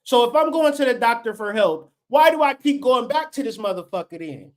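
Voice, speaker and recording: With a very high voice, he talks a little fast and with lively intonation. The speaker is a late-thirties livestream host whose unscripted rant is profane, preachy and fired-up.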